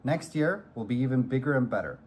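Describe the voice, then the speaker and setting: A man's voice: mid-range voice, lively intonation, fairly quick, darkish tone, a little hiss or hum. A man, an esports organization's CEO, delivering a short scripted thank-you message to fans. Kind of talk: recorded video message.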